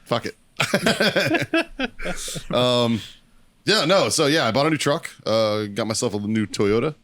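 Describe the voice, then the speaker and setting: Brief: male podcast host, mid-pitched, bro-ish swearing storyteller, dry close mic. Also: sing-song, takes it slowly, fairly bright tone, dry recording. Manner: profane storytelling, quotes others in a lower voice. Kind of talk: casual chat.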